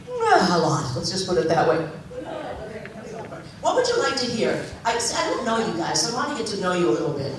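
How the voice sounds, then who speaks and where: A woman from Boston with a Boston accent, a cabaret singer chatting and joking with a live audience between songs. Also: a little high. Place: senior center hall. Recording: echoey hall, mic at a distance, loud piano.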